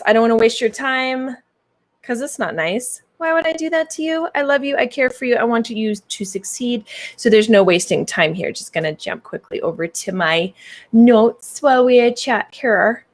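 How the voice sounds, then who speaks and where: A playful, bubbly woman with a Canadian accent hosts a business coaching livestream. She talks casually to her viewers and tosses in silly made-up words. Her voice sits at a medium pitch for a woman.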